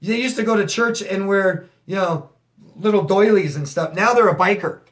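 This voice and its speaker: A man coaching viewers in a casual monologue, animated and profane, rising to near-shouting emphasis. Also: sits high, moderate pace.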